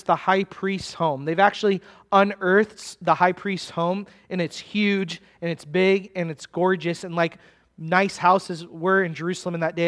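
High-voiced pastor preaching emphatically. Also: male voice, a bit bright. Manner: emphatic, slowing down to stress key words; conversational asides to the congregation. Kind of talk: sermon.

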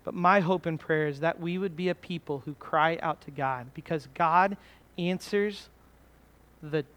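A man's voice: fairly high pitch, a little slow, a bit bright. A man preaching an earnest sermon, building to emphatic peaks on key phrases.

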